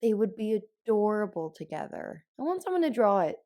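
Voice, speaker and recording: A woman's voice: mid-range voice, very animated, a little fast, dark tone. A woman hosting a podcast in casual chat, gushing and telling stories with animation. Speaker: podcast host.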